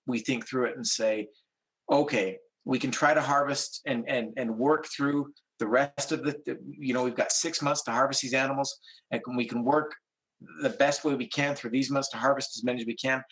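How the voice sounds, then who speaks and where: A man from a wildlife agency answering questions at a public meeting in a measured, explanatory way with frequent restarts. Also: mid-range voice, a bit bright, low-quality recording.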